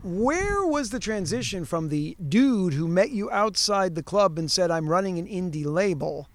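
A man's voice: high voice, expressive, moderate pace, no room sound. A man interviewing a band, asking probing follow-up questions.

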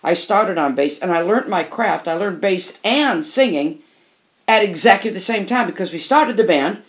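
A woman's voice: fairly low pitch, lively intonation, moderate pace. An older woman, a musician and interview guest, telling candid stories in an emphatic way and often repeating phrases for emphasis.

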